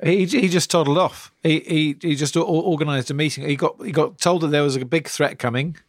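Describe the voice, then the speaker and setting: A man co-hosting a casual podcast chat, teasing the others with quick jokes. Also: a little high, fairly even intonation, dry recording, studio quality. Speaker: podcast co-host.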